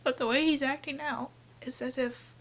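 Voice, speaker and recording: Young woman, anonymous confessional vlog, tearful and halting, high-pitched, dull lo-fi phone sound. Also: steady tone, a bit bright. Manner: halting, many restarts and trailing off. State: tearful, crying on and off. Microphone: phone camera close up, only a hand in frame.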